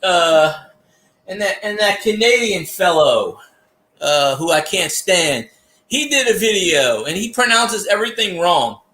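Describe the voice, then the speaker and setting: A man telling stories in casual livestream chat, animated, ranting and cursing freely. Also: high voice, measured pace, reverberant. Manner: animated storytelling with rants and cursing.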